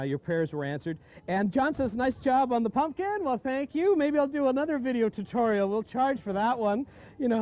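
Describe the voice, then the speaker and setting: A man's voice: very high-pitched, darkish tone. A man hosting a live stream outdoors on a farm, chatty and full of exclamations. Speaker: host. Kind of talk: live-streamed casual chat.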